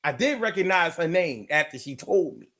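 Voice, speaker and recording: On his live stream, a man with a voice on the high side talks at a moderate pace. He tells lively stories full of slang, repeats himself, and reads out comments from viewers.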